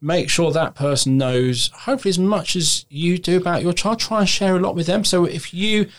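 A man hosting a podcast conversation, calm, earnest and plain-spoken. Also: high-pitched, normal speed. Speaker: podcast host.

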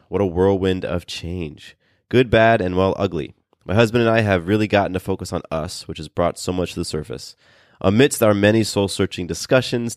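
A man's voice: darkish tone, dry recording, studio quality. A man co-hosting a podcast in casual, earnest chat, often restarting his sentences and reading a listener email aloud. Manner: earnest, speaks in halting restarts; calls his own voice bassy today. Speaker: podcast co-host.

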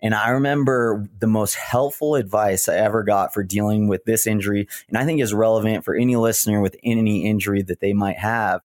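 A man's voice: lowish voice, fairly even intonation, brisk, hardly any pauses, no echo, studio quality. A man in his thirties, a retired runner telling earnest, reflective stories in a podcast interview. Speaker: guest, retired marathon runner.

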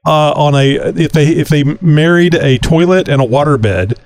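A man's voice: a little high, normal speed, darkish tone, clear, resonant tone, no echo. A man co-hosting a podcast in casual chat, jokey and playful. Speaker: podcast co-host.

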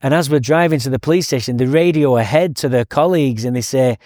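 A man's voice: mid-range voice, fast talker, darkish tone, no room sound, studio quality. A man with an English accent telling his story as a guest in an interview, blunt and candid, laughing at himself. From England.

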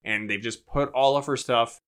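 This man co-hosts a casual film podcast. His voice is bright, forceful and clean, and he talks in an easy, joking way, now and then snapping into a quick impression of a character. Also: medium pitch, smooth. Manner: animated, jokey, acts out movie lines in bits. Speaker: podcast co-host. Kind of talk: casual movie review chat.

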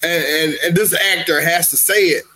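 A man's voice: a little high, steady tone, normal speed, bright, forceful tone, low-quality recording. A man co-hosting a comedy podcast, rambling and laughing through profane banter. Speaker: podcast co-host.

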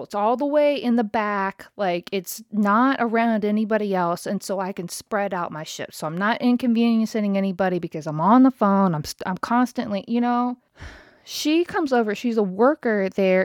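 A woman's voice: on the high side, no room sound, clean studio sound. A woman telling a story about a bad day in a heated, exasperated way, swearing often as she rants. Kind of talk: casual angry storytime rant.

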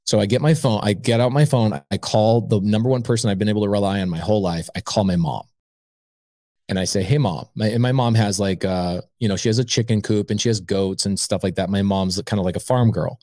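A man's voice: fairly low pitch, fairly quick, dry recording, clean studio sound. A man guest on an interview podcast, telling a long personal story and acting out every side of the conversation. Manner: animated storyteller acting out both sides of a conversation. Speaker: podcast guest, real estate investor.

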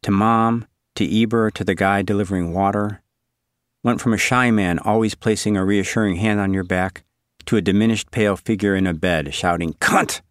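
A man narrating a literary story in a measured, wry, inward way. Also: fairly low pitch, fairly even intonation, dry recording, clean studio sound.

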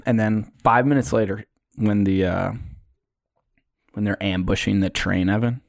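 A young man, co-hosting a podcast, telling stories in a casual, animated way. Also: fairly low pitch, unhurried, creaky, no echo, clean studio sound. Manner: storytelling, animated retelling with put-on quotes. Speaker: podcast co-host. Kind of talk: casual chat.

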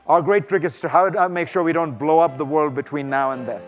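A guest speaker in a lecture hall gives a conversational, emphatic festival talk to an audience and takes their questions, often restarting his sentences. His voice is on the high side with a steady tone and a brisk pace, heard over music.

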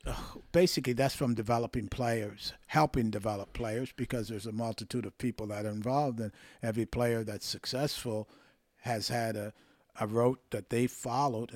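An older man tells his coaching stories at an easy, measured pace. He slips into the voices of the people he quotes, and the sound is dry and close. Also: lowish voice, fairly even intonation, darkish tone, no echo. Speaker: hockey coach, guest. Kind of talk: relaxed interview storytelling.

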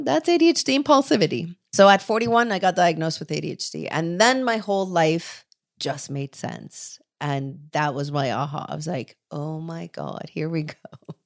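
A woman in her forties from Canada speaks candidly as an interview guest. Her voice sits a little low, and she slips into quoted dialogue to act out her memories. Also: gravelly. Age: 40s. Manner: expressive, acts out quoted dialogue. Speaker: ADHD coach, guest.

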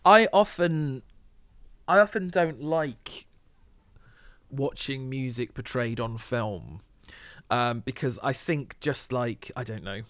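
A man's voice: mid-range voice, slow, fairly bright tone, no room sound. A man hosting a podcast, talking casually in a rambling way with frequent fillers. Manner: rambling, with many fillers and restarts. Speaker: podcast host.

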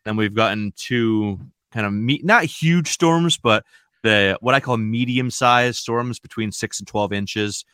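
A man with a New England accent hosting a fantasy baseball podcast in a chatty, relaxed way. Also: fairly low pitch, a little slow, clear, resonant tone, dry recording, clean studio sound. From Maine. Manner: chatty, relaxed, rambling with fillers. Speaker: podcast host. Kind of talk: casual podcast chat.

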